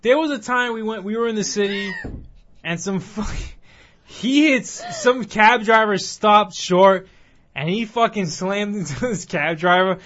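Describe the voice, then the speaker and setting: High-voiced man hosting a joking chat. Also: a little slow, a bit bright, dull audio. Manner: joking, eager interjections, laughs often. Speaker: host. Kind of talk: casual chat.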